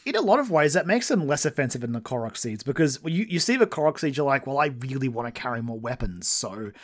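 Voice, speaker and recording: A man's voice: mid-range voice, big pitch swings, fast talker. A man co-hosting a podcast in casual chat, teasing his co-host and laughing often.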